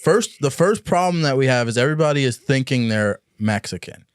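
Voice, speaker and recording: A man at a middling pitch hosts a relaxed podcast conversation. He asks long, meandering questions that restart and circle back before they land. The sound is dry and close, with no room around it. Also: brisk, clear, resonant tone, no room sound. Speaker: podcast host. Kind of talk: casual podcast chat.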